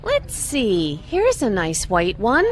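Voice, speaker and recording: A woman's voice: mid-range voice, huge pitch swings, takes it slowly. A woman voicing a polite shop assistant in a scripted learning dialogue. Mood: helpful. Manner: polite, helpful. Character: helpful female shop assistant. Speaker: voice actor in a dialogue.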